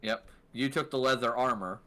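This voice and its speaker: A man narrating as game master of a tabletop game, relaxed with many fillers. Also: mid-range voice, moderate pace.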